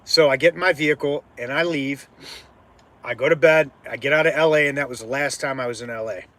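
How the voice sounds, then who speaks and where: A man hosting his own show, telling a personal story in a casual, animated way and swearing freely as it heats up. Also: mid-range voice, a little fast. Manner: animated, swears freely, swings from quiet to heated. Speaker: podcast host.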